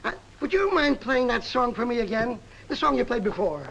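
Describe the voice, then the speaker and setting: An actor playing a brash, excitable male song publisher who talks in fast, slangy, theatrical sales patter, in a 1950s film comedy. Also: very high-pitched, gravelly, dull audio, heavily acted. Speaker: music publisher.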